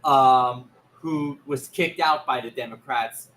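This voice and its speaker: Casting: male co-host, bright forceful tone, chuckling sidekick energy, slight background hiss. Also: mid-range voice, poor audio. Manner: chuckling, quick agreeing interjections. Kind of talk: casual chat.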